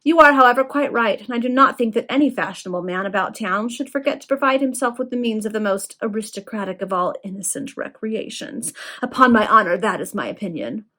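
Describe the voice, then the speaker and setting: A woman's voice: on the high side, lively intonation, brisk, few pauses, a bit bright. Woman voicing a sly baronet, smug, chuckling. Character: sly older baronet gambler.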